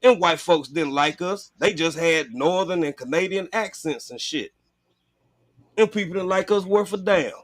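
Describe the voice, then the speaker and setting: A male host with a slightly high voice leads a casual chat at normal speed, speaking bluntly and profanely. The sound is dry and close, with no room sound.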